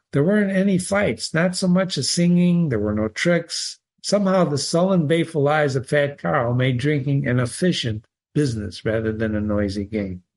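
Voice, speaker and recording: Man reading a short story aloud. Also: medium pitch. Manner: measured, with occasional slips. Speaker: reader.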